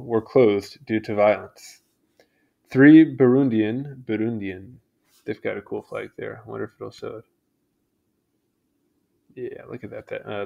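A man's voice: on the low side, vocal fry, dark tone, dull audio. A man casually reading a history article aloud, stumbling over names and adding chatty asides. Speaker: channel host reading aloud.

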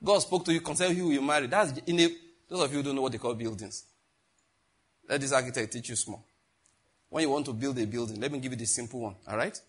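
A man's voice: mid-range voice, fast, breathy edge. A middle-aged man, teaching a sermon in a conversational, joking way and asking the congregation questions. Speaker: pastor.

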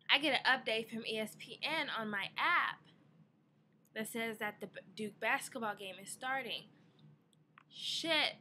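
Bright-voiced young woman ranting. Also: fairly high pitch, a little hiss or hum. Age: young adult. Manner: exasperated, swearing, storytelling rant. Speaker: vlogger. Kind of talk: casual ranting vlog.

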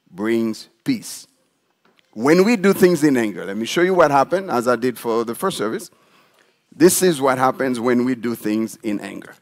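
A man preaching a sermon as pastor in a church, animated and demonstrative, putting questions to the congregation. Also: medium pitch. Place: church sanctuary.

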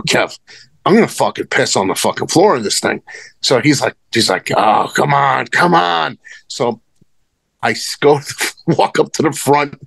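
A man's voice: mid-range voice, creaky, fairly bright tone, no echo. A man telling rambling, profane stories as a wrestling guest in casual conversation. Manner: rambling, profane, many restarts. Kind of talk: casual storytelling.

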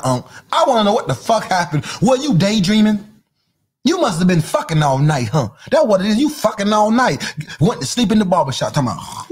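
A man hosting a podcast, delivering a loud comedic rant, mocking, repeating catchphrases and laughing often. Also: high-pitched, husky. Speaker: podcast host.

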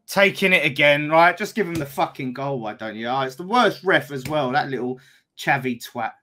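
A man on a fan watch-along reacts loudly to every moment of the match, excitable and full of swearing. His pitch swings widely, and his voice has a bright, forward tone. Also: normal speed. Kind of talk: live watch-along commentary.

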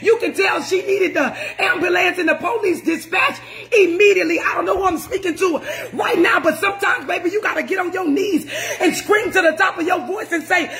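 Brief: woman preacher, high voice, emphatic and repetitive, often shouting. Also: a little fast. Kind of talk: sermon.

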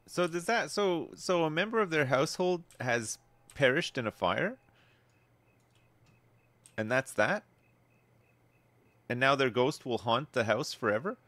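A man giving casual, wry commentary while playing a life-sim game, laughing often and swinging between amused outbursts and low mutters. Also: expressive, a little slow, pauses often, fairly bright tone, dry recording.

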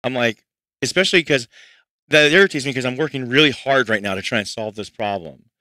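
A man's voice: mid-range voice, a little fast, sharp tone, no echo. A man chatting to his livestream audience while mixing music at home, frustrated and rambling as he works through problems. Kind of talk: casual livestream chat. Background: faint music playback.

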